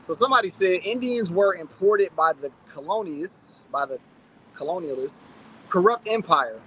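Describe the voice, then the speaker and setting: A man's voice: on the high side, pushed and bright, slight background noise. A man in his thirties hosting a casual livestream, chatting loosely and reading out viewer comments. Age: 30s. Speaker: channel host.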